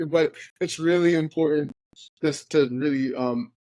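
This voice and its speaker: A man co-hosting a casual podcast conversation, emphatic and quick to laugh, often repeating words as he builds a point. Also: fairly high pitch, dark tone, no echo. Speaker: podcast co-host.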